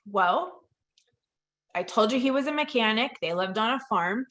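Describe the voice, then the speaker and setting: A woman's voice: on the high side, moderate pace. Woman telling a caregiving story. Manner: lively storytelling that acts out quoted dialogue. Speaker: dementia care professional and presenter. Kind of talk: storytelling presentation. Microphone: video call.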